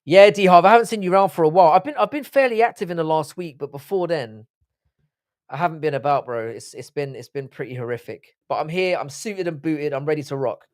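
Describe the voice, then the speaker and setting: A man's voice: fairly high pitch, fast. Sweary ranting man on a livestream. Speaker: livestream host. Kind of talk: live-stream chat reading comments.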